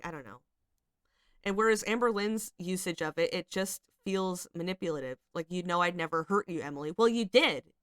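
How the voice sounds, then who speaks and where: Speaking at medium pitch with a slightly bright tone, this commentary host picks apart screenshots with obvious frustration. She rambles, hedges, and fills gaps with filler words, and the clean studio audio has no room sound.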